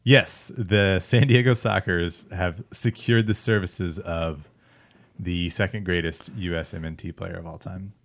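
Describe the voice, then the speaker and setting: A male podcast host with a low, deep voice, trading dry, teasing sarcasm with his co-host in casual chat. His voice is close-miked in a dead, dry room. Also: fairly even intonation, measured pace, no room sound.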